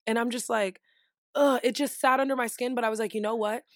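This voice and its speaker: A young woman with a fairly high voice tells a story in casual chat. She is animated, acts out the quoted voices and swears freely. The recording is dry and close. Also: quick pace, no echo.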